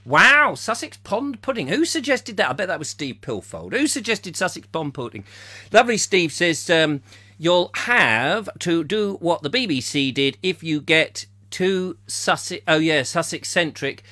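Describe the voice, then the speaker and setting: A man's voice: on the high side, big pitch swings, unhurried, sharp tone. A middle-aged man from England hosting a comic live chat show, rambling and joking while reading out viewers' comments. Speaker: host.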